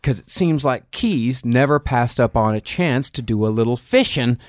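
A man's voice: mid-range voice, animated, normal speed, dry recording, clean studio sound. A man hosting a podcast, narrating a true crime case from his notes with wry asides.

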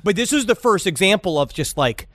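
A man's voice: high voice, sing-song, brisk, fairly bright tone. A man co-hosting a podcast, chatting casually with crude, rambling jokes. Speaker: podcast co-host. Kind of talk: casual chat.

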